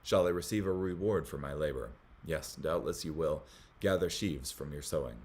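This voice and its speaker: A man hosting a Bible study, reading commentary aloud in a measured way, with small slips that he corrects as he goes. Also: very deep voice, a little mellow.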